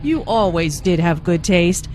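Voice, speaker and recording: A woman's voice: lowish voice, animated, a little slow, a little mellow, pitched below the performer's own voice. A woman playing a chatty shopper. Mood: pleased. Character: friendly woman greeting an old friend.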